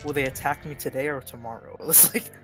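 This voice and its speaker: A male tabletop player talking in a mid-range voice. He is impulsive and stammers through his ideas, with music clearly under the talk. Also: mid-range voice, a little fast. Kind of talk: casual tabletop play.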